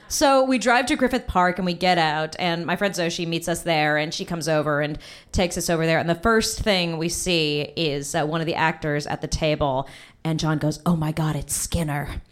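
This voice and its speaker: A young woman telling a personal story on stage, lively and jumping high in pitch when quoting people. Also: normal speed, clean tone.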